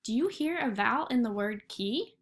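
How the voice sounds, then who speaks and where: A woman's voice: a little high, lively intonation, moderate pace. A woman teaching a first grade phonics lesson, speaking patiently and encouragingly and stretching out each sound for young children. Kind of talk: recorded online phonics lesson.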